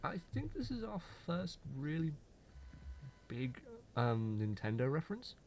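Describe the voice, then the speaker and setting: This young man's voice sits on the high side and moves at a measured pace, with a little hiss or hum in the audio. Co-hosting a podcast, he chats loosely, teases his co-host with energy, and shows real game knowledge.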